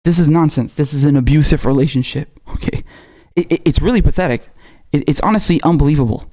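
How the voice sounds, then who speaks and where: A man who isn't from America rants at his audience, heated and scolding, repeating himself and swearing at every turn. His voice sits slightly high but has a mellow, warm tone. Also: fast talker. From not American. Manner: profane, scolding, repetitive and heated. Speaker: political commentator. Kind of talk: angry ranting monologue.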